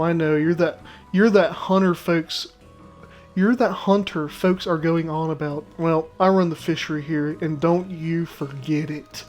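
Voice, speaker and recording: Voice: mid-range voice, a little mellow, close to an everyday voice. Brief: brusque village fishmonger boss, voiced by a gamer, faint game music behind. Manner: brusque and bossy. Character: gruff worried fishery boss woman.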